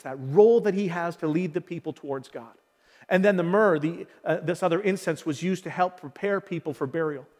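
High-voiced pastor preaching in a reverberant hall. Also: male voice, darkish tone. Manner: earnest, building to emphatic calls. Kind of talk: sermon. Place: church hall.

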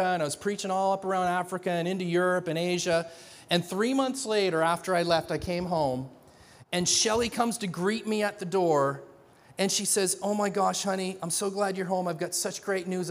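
A middle-aged man preaching a sermon in a conversational, animated way, with frequent restarts and acted-out dialogue. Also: high voice. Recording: long hall reverb.

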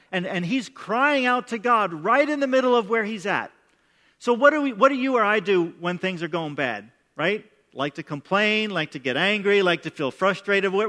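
A man's voice: sits high, bright, forceful tone. A middle-aged man preaching a sermon as pastor, speaking in an emphatic, conversational way and often repeating words as he starts sentences. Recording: long reverb of a large hall.

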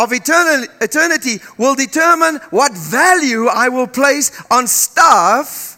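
A man's voice: extremely high pitch, sharp tone. A man in his fifties, a native Dutch speaker, preaching a sermon with emphatic repetition and jokes aimed at the congregation. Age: 50s. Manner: emphatic, repeating phrases, joking with the congregation. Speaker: pastor.

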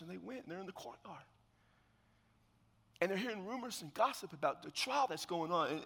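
A pastor delivers a sermon, recounting a Bible story through lively, acted-out scenes and lowering his voice to a hush for the solemn moments. His voice is husky, pitched high and a little quick, and the sound carries like a big hall.

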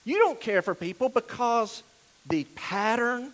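A man's voice: very high-pitched, animated, a little slow. A male pastor with a Southern US drawl preaching a sermon in a direct, conversational way, putting pointed questions to his listeners.

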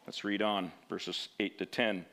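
A man's voice: low voice, little pitch movement, measured pace, pushed and bright. A man preaching a sermon in a conversational way, often asking rhetorical questions and checking in with "right?".

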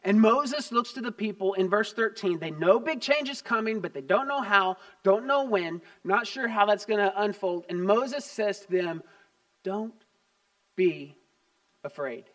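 A man in his fifties, a grandfather and pastor, preaching a sermon with personal stories, swinging from loud emphasis to quiet asides. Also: high-pitched, moderate pace, few pauses.

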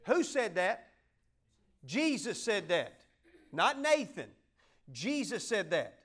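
A man's voice: sits high, very animated, takes it slowly, long pauses, fairly bright tone. A man preaching a folksy sermon, joking with his congregation and asking them to help him along. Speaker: pastor.

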